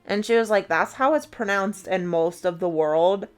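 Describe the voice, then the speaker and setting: A woman's voice: mid-range voice, normal speed, clear, resonant tone. A woman co-hosting a game playthrough, chatting casually and rambling with fillers and frequent laughs. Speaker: co-host of a gameplay series. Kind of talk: casual chat over gameplay.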